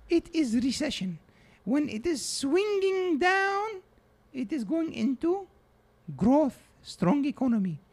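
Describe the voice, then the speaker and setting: A man plays an 84-year-old grandmother with a high, thin voice. She speaks slow, broken English, doting one moment and blunt the next, in an improvised podcast comedy bit. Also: a little mellow, heavily acted.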